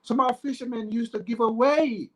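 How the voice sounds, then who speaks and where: A man's voice: extremely high pitch, steady tone, brisk, low-quality recording. A man with a Gambian accent giving an emphatic, impassioned political monologue, repeating phrases as his anger builds. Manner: emphatic, repetitive, rising to anger. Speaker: political commentator.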